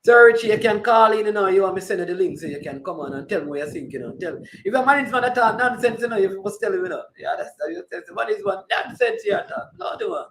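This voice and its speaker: A man's voice: high voice, animated, quick pace, few pauses, a bit bright, echoey room, slight background noise, poor audio. A man with a Jamaican accent hosting a casual sports talk show, teasing and bantering and slipping into patois.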